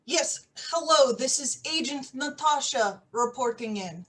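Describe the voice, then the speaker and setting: A woman's voice: sits high, animated, measured pace, fairly bright tone. Woman doing a bumbling Russian spy. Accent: put-on Russian. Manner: broken grammar, flustered, self-correcting. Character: bumbling female Russian undercover agent. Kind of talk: improvised comedy acting.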